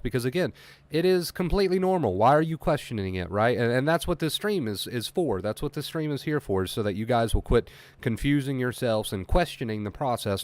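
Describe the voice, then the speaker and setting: Male recovery coach, mid-pitched, earnest and emphatic, dry room sound. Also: no room sound. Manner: earnest, emphatic, repeats key points. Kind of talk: motivational livestream talk.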